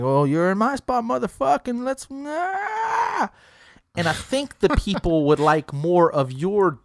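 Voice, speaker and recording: A man's voice: on the high side, dry recording, clean studio sound. A man co-hosting a podcast, brash and teasing, swearing freely while he tells stories. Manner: brash, profane, teasing, animated storyteller. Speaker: podcast co-host. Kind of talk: casual podcast banter.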